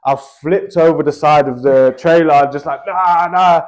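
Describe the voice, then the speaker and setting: A man's voice: on the high side, steady tone, normal speed, a little mellow. A young Australian man telling a rambling story in casual chat, dotting his talk with "like" and "bro".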